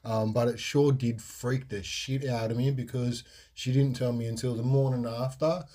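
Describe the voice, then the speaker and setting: A young man tells a personal story to his podcast listeners, speaking frankly and meandering through "um"s and false starts. His voice is mellow and warm, with a dark tone. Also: mid-range voice, steady tone, normal speed. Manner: rambling, frank, lots of fillers and restarts. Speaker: podcast host. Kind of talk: casual storytelling monologue.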